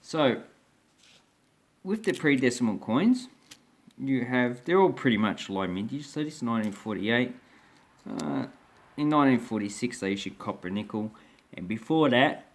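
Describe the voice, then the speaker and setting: A man's voice: mid-range voice, lively intonation, moderate pace, long pauses. A man talking casually through his collection on his own channel, rambling and hesitant with many restarts. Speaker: coin collector vlogger. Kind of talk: casual show-and-tell commentary.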